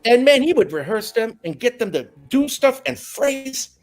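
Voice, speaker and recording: A man telling stories in a casual interview, animated and laughing, dropping in Spanish phrases. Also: very high voice, moderate pace, soft background music. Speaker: guest musician.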